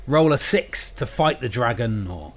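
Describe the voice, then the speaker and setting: A man's voice: mid-range voice, expressive, measured pace. A man in his forties chatting casually on a call, jokey and self-deprecating. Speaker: homeschooling parent and radio presenter. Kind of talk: casual video call chat.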